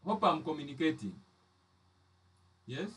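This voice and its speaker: A man's voice: fairly high pitch, sing-song, a little slow, a bit bright, recorded from a distance. A man teaching trading charts step by step, often repeating and restarting his phrases. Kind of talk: live chart lesson.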